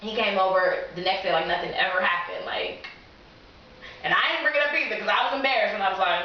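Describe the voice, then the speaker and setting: Young woman vlogger, animated storyteller, roomy dull home recording. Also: brisk, slight background noise. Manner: animated, laughing, acts out quotes in a higher voice. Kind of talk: casual storytelling to camera. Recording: echoey room, distant lo-fi mic.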